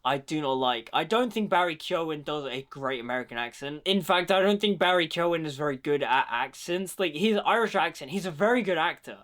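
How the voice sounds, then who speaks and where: Chatty opinionated man with a higher voice. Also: expressive, a little fast, hardly any pauses, fairly bright tone. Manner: opinionated, chatty, many "like" fillers. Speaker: movie commentator. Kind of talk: casual film commentary.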